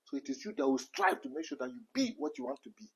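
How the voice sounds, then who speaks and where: Nigerian guy ranting hard, high husky voice, keeps repeating himself. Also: big pitch swings, fast talker, fairly bright tone, poor audio. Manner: repetitive, rhetorical questions, emphatic. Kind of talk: impassioned rant.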